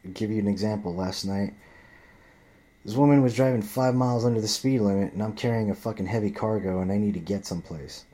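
A man's voice: lowish voice, quick pace, mellow. A man ranting in a profane, rambling monologue, often restarting and repeating himself.

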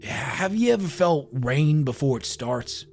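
A man's voice: a little high, expressive, unhurried, darkish tone. A man playing a haunted, weary male investigator who speaks in a grave, ominous way.

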